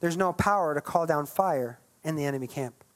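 A woman's voice: low-pitched, fairly quick. A woman preaching a sermon, reading scripture aloud and breaking into emphatic, playful asides.

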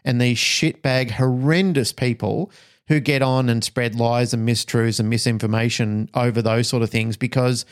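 A man, a dog trainer co-hosting a podcast, telling a story in blunt, animated talk and acting out what people said. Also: mid-range voice, moderate pace. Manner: animated storytelling, acts out quoted dialogue, blunt and swearing. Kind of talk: casual podcast chat.

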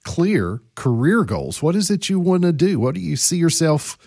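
A man hosting a podcast, introducing the episode and interviewing a guest in a friendly, lively way. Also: fairly high pitch, moderate pace, gravelly, no room sound, clean studio sound. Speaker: podcast host.

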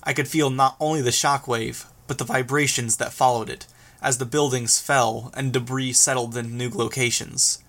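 A man reads a first-person action story aloud in a steady, even manner. His voice sits at an ordinary middle pitch for a man. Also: normal speed. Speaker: audiobook narrator. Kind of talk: first-person audiobook narration.

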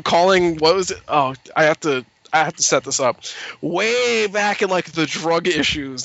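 A man hosting a casual podcast about comics, animated and quick to laugh. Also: a little high, dry recording, highs cut off. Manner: animated, laughs often, does quick voices in anecdotes. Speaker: podcast host.

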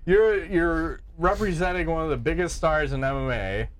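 A man co-hosting a podcast in casual chat, joking and swearing freely in quick asides. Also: on the high side. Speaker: podcast co-host.

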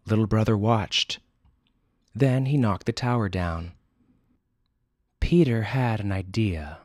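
A man's voice: lowish voice, slow pace, pauses often, darkish tone, no echo, studio quality. A man hosting a fiction podcast who reads a dramatic story aloud expressively, then adds wry casual asides. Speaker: podcast host and story narrator.

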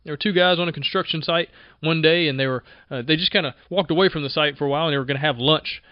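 A man hosting a podcast, talking in an energetic, conversational way and often repeating himself as he goes. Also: on the high side, fast talker, no echo, muffled recording. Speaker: podcast host. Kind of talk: casual motivational monologue.

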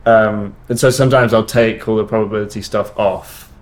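A man talking in a casual interview, halting, with many restarts and fillers. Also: lowish voice, fairly even intonation. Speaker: guest musician.

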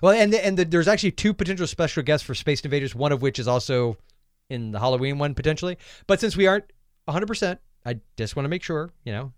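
Lively, higher-voiced chatty podcast host man. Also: fast talker, smooth, dry recording, clean studio sound. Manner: rambling, jokey, thinks aloud. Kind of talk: casual chat.

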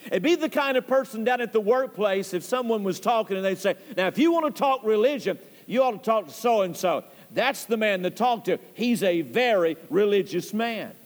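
A man preaching a sermon as pastor, speaking deliberately and stressing key words. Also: very high-pitched. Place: church sanctuary. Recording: long church hall reverb.

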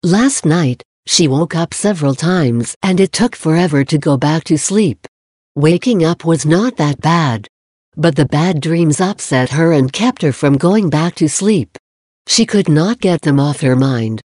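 Calm chipmunk narrator, dry close mic. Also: mid-range voice, a little slow, dry recording. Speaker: narrator of a parenting advice podcast. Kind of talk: scripted narration.

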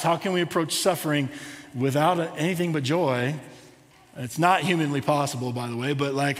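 Male pastor, high voice, casual preaching style, long reverb of a church hall. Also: a bit bright. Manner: conversational preaching with rhetorical questions. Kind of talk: sermon.

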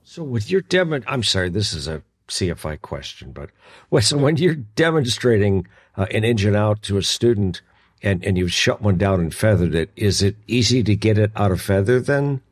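A male interviewer asks curious, practical questions and pauses for a polite aside. His voice sits on the low side. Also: lively intonation.

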